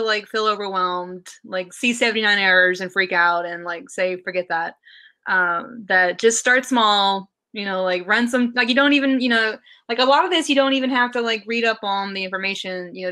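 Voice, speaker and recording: A woman's voice: medium pitch, bright, forceful tone. A woman with a Southern US accent, a podcast guest who explains things in loose casual chat, full of fillers and restarts. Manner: rambling, many fillers and restarts.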